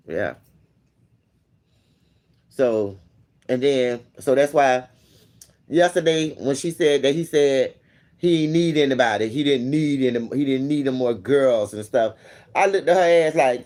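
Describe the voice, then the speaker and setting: A man hosting a vlog, casually telling a story to a friend in a profane, animated way and acting out what people said. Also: fairly high pitch, normal speed. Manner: animated, profane, acts out quoted dialogue. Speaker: vlog host.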